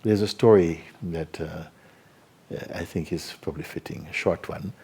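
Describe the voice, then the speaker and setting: A man giving spiritual teaching to a live audience, unhurried and probing with repeated questions. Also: deep voice, darkish tone, a little hiss or hum.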